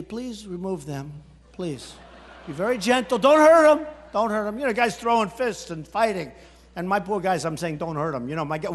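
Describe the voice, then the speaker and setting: Brief: high-pitched, boastful New man giving a rally speech, repeating himself, shouting now and then, with long hall reverb. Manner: boastful, repetitive, breaks into shouts. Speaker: political candidate at a rally. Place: large indoor rally hall.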